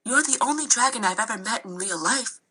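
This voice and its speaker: A woman's voice: on the high side, animated, a little fast, breathy edge, heavily acted. A woman voicing a kind, practical young girl who speaks in a reassuring way in a storybook reading. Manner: warm, reassuring.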